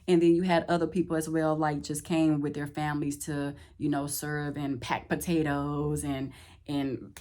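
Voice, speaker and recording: A woman chats to the camera, and her slightly low voice leaps up high whenever she acts out someone else's words. She laughs often and keeps the story moving in lively, casual bursts. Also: normal speed. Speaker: vlogger. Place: Houston, Texas.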